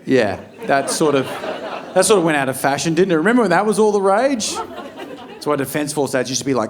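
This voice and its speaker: A man's voice: on the high side, sing-song, a little fast. An Australian man doing a stand-up set, swearing freely and acting out scenes from his stories. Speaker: stand-up comedian. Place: comedy club stage. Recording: live room with a laughing crowd.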